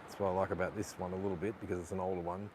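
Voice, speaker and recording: Racing along in a low-pitched, flat delivery, a vlogger fixes his camera gimbal during a live stream outdoors by the sea. He swears often at the gear in frustration and apologizes to his viewers, while vehicles pass amid the outdoor noise.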